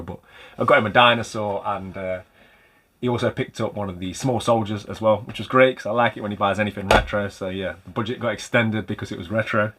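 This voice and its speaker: A man's voice: lowish voice, fairly bright tone, breathy edge. Chatty man showing off game finds. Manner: chatty, rambling, light self-mocking humor. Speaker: retro game collector and channel host. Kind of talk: casual vlog chat about game pickups.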